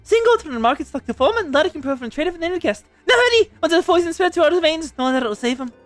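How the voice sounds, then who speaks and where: A woman's voice: extremely high pitch, very animated, racing, faint music behind, voice pushed up. A woman voicing a boisterous middle-aged mother with a frying pan, in a put-on accent, reading game lines aloud. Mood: fussing. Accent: put-on British-style accent.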